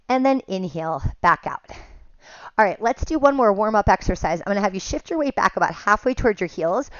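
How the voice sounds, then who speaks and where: A woman teaching a pilates class, giving calm step-by-step cues and counts, a little out of breath at times. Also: mid-range voice, dry recording, lo-fi sound. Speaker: pilates instructor. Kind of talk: guided exercise class cues.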